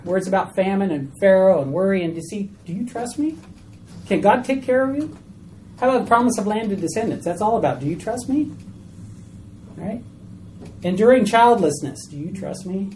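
A woman teaching a small Bible study group in a chatty, animated way, asking questions of the class. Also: mid-range voice, a little hiss or hum, rough recording.

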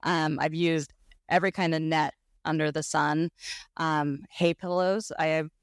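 A woman's voice: deep voice, fairly even intonation, measured pace, clear, resonant tone, no echo, clean studio sound. A woman co-hosting a casual podcast, talking about her own horses in a chatty way, laughing often and restarting her sentences. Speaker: podcast co-host, horse owner.

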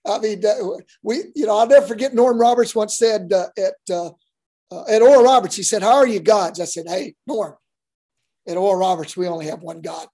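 A man talks in a mellow, warm voice. He is a basketball coach telling folksy stories in a casual interview. He rambles, restarts his sentences and fills them with "uh". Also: sits high, brisk. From Oklahoma.

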